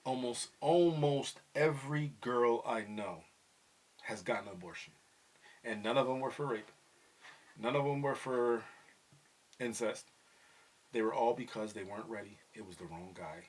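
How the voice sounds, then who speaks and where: A man's voice: on the low side, steady tone, normal speed, long pauses, a little hiss or hum. A middle-aged man hosting a casual family podcast, talking animatedly and often slipping into quoted voices, with many fillers like "you know what I mean". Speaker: podcast host talking with his son.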